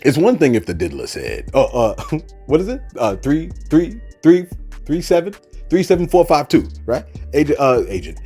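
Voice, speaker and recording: A man giving casual reaction commentary, animated and repetitive, often circling back with "look" and "you know what I'm saying". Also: on the high side, moderate pace, breathy edge, soft background music.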